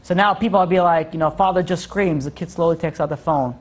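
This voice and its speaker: Fast-talking rabbi giving a lively class. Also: male voice, on the high side, a little hiss or hum. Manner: animated, rhetorical questions, joking asides. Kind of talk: Torah class lecture.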